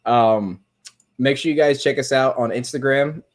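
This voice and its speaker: A man's voice: mid-range voice, normal speed. A young man co-hosting a podcast in casual chat, a laughing storyteller who retells comedy clips. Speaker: podcast co-host.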